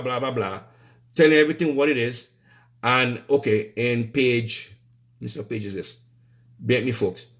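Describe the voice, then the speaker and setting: A man with a Trinidadian accent ranting on a live stream, heated and repetitive, stumbling over restarts and cursing. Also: medium pitch. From Trinidad and Tobago. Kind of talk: angry live-stream rant.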